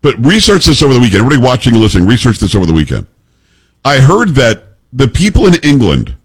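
A male talk radio host with a slightly husky voice. His pitch swings widely as he jokes and riffs with his co-hosts, and he keeps it loose and animated. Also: low-quality recording. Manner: animated, jokey, pitch jumps for emphasis. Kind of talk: casual talk radio banter.

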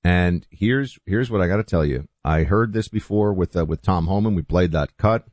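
A man hosting political talk radio who speaks forcefully and sarcastically and acts out little stories. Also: low voice, normal speed, no room sound. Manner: forceful, sarcastic, animated storyteller. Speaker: radio host.

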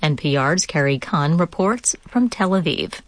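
A woman reading a national radio newscast in a steady, authoritative way. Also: sits low, a little slow, dry recording.

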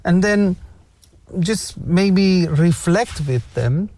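Encouraging man with a mellow voice. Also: high-pitched, animated, extremely slow. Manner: encouraging, guiding, repeats words. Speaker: host. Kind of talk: casual discussion.

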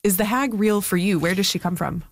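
A woman interviewer asking an author about her novel in a measured, curious, conversational way. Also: mid-range voice, no echo. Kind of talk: interview questions.

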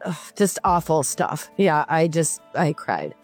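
A woman from California calling into a radio show, answering quietly and hesitantly with emotion. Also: low voice, very animated, a little slow, soft background music. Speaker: caller. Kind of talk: phone-in conversation.

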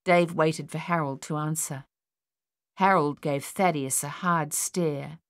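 A woman narrating an audiobook in a steady storytelling manner. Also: deep voice, slow pace, no echo, studio quality.

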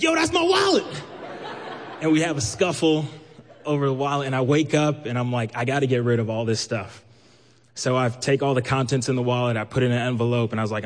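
A man from Brooklyn telling a personal story live, lively and acting out the voices he quotes. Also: mid-range voice, a little hiss or hum. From New York, Brooklyn. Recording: long hall reverb.

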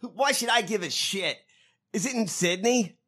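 High, lively mocking man. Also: moderate pace, slightly rough. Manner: profane, mocking, excitable. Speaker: co-host. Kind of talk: casual political banter.

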